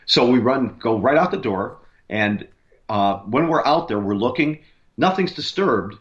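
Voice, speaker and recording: A man's voice: medium pitch, lively intonation, a little slow, lo-fi sound, a little hiss or hum. A man, a paranormal investigator, tells a long story in a rambling way, with many fillers and restarts. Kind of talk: casual storytelling on a radio interview.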